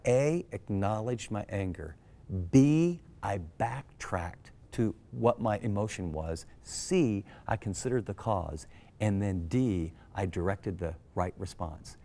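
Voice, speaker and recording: A middle-aged man, a pastor, telling a personal story in a sermon and acting out his family's voices with big jumps in pitch. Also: dark tone. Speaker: pastor and Bible teacher.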